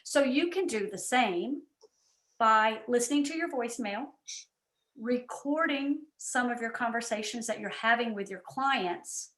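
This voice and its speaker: A woman with a somewhat high voice coaching her team in an animated, chatty way and wandering into asides. Her voice sounds roomy and echoey. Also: measured pace. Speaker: guest speaker and coach. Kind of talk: coaching talk on a team call. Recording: roomy echo.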